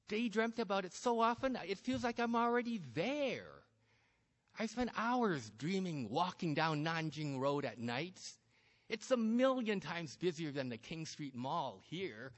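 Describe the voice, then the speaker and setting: Male story reader, understated and wry, high-pitched and animated, in a reverberant space. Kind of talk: first-person story reading.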